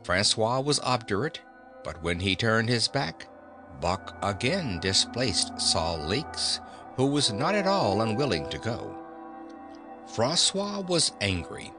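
A man narrating a classic novel as an audiobook reader, in slow, expressive storytelling. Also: on the low side. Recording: narration over background music.

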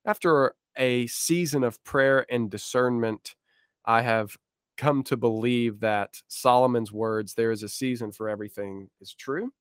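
A man's voice: medium pitch, no room sound, clean studio sound. A man co-hosting a podcast, chatting casually with self-deprecating jokes. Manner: joking, self-deprecating asides. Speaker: podcast co-host.

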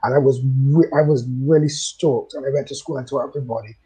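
A man from the Caribbean, a guest on a comics interview show, answering in an unhurried, reminiscing way. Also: mid-range voice, fairly even intonation, dark tone, breathy edge, low-quality recording.

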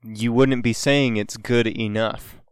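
A man's voice: medium pitch, steady tone, takes it slowly, clear, resonant tone, dry recording, clean studio sound. A man co-hosting a podcast, reasoning aloud with rhetorical questions in casual conversation. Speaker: podcast co-host.

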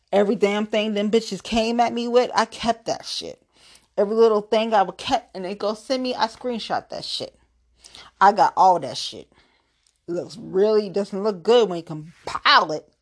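A woman hosting her own podcast, a tipsy solo rant that is blunt, profane and threatening. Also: mid-range voice. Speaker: podcast host.

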